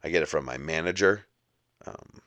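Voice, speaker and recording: Low-voiced man on a comic rant. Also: moderate pace, fairly bright tone, dry recording, highs cut off. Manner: exasperated, mock-indignant ranting. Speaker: podcast host.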